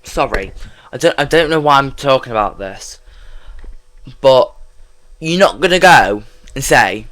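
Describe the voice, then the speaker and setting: A man's voice: mid-range voice, animated, normal speed, a bit bright. A man hosting a casual solo podcast, rambling and sighing as he talks straight to the listener. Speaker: podcast host.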